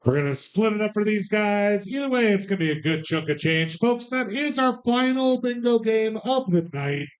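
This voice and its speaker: A man's voice: high voice, lively intonation, moderate pace, few pauses. A man hosting bingo night at a bar, calling numbers and joking with the crowd in a sarcastic, loose, profane way. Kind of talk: casual live hosting with banter. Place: bar, live event.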